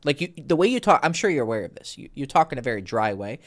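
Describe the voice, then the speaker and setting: Animated man coaching on a call. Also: medium pitch, quick pace. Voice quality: animated, swings between loud and soft, profane. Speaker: dating coach.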